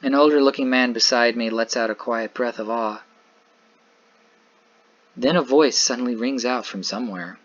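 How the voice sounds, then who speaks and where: A man's voice: medium pitch, normal speed, pauses often, muffled recording. A man narrating a dramatic visual novel in the first person, earnest and tense.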